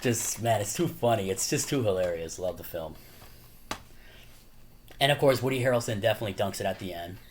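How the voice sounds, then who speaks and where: Laid-back man rambling in a low voice. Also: animated, a little fast, long pauses, background noise. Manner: rambling, full of "you know" and "like"; laughs often while talking. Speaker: YouTuber. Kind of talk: casual chat.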